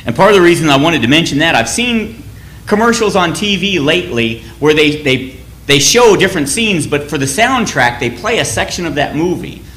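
Bright-voiced man giving a conversational sermon. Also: a little high, sing-song, normal speed, roomy sound. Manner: conversational, anecdotal, with restarts. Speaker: church speaker.

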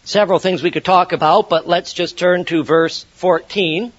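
A man's voice: fairly even intonation, normal speed. A middle-aged man teaching a Bible lecture in a sermon style. He talks emphatically and repeats himself, and his voice rises when he reads scripture aloud. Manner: emphatic, repetitive, rising pitch when reading scripture. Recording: dull lo-fi recording.

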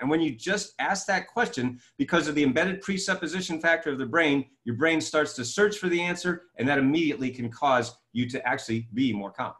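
A fairly high-voiced man talks fast and with emphasis, a guest expert on a video call. He makes his points with lively examples. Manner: energetic, emphatic, explains with examples.

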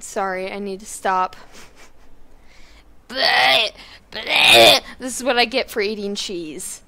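A teenage girl chatting casually and rambling while playing a game at her home computer, now and then breaking into sudden yells. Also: medium pitch, clean tone. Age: teens. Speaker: gaming YouTuber. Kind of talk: let's play commentary. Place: kitchen at home.

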